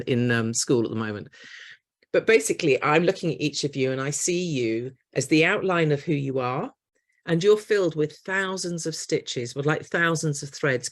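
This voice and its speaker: A woman, a therapist giving a storytelling workshop talk and acting out little scenes as she goes. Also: low voice. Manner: warm storyteller acting out voices of parents and children.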